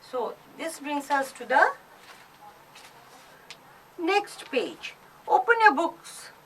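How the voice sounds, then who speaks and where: A woman with an Indian English accent teaches beginners French, taking her time over each word. Her voice sits high and moves up and down a lot as she drills. She sounds set back from the microphone. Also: big pitch swings, a bit bright, distant mic, a little hiss or hum, rough recording. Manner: slow, deliberate teacher drilling pronunciation. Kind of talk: recorded online class.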